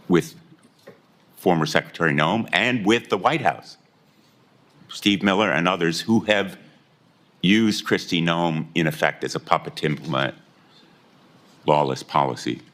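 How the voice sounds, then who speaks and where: A senator with an extremely deep voice questions a witness at a formal hearing. He speaks slowly and deliberately, pressing each point. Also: a bit bright. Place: hearing room.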